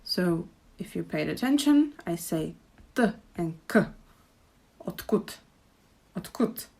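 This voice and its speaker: A woman with a Czech accent teaching pronunciation, speaking slowly and repeating each example phrase with care. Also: fairly low pitch, lively intonation, gravelly, a little mellow. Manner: slow, careful demonstrations with repeated example phrases. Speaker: language teacher. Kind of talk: pronunciation lesson. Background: birdsong and traffic outside.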